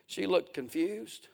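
A man's voice: sits high, vocal fry. A man preaching a folksy, emphatic sermon as a pastor in a church.

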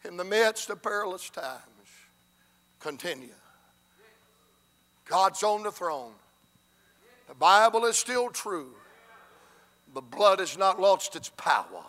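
High, bright-voiced shouting preacher man. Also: animated, slow, long pauses. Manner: shouting repeated rhythmic exhortations. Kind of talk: sermon.

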